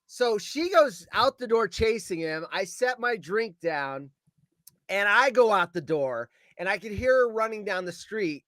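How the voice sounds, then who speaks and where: A high-pitched man phones in to a show and tells a story at an unhurried pace. He delivers it with animation, yelling his quoted lines and cursing along the way, and the audio has no echo.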